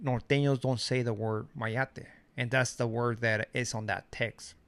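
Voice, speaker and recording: A man's voice: mid-range voice, fairly even intonation, a little slow, fairly bright tone, slight background noise. A middle-aged man from Mexico giving a blunt, slangy commentary monologue. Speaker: commentary streamer.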